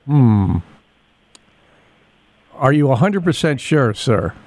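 A man's voice: mid-range voice, big pitch swings, slow pace, darkish tone, dry recording. A man hosting a local radio morning show, reading the weather and ads and chatting with callers in a folksy, rambling way. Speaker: radio host.

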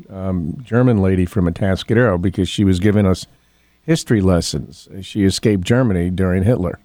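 An older man hosting a local radio talk show, rambling in a folksy way with ums and frequent throat clearing. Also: fairly low pitch, mellow, no room sound, clean studio sound. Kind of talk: casual talk radio monologue. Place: radio studio.

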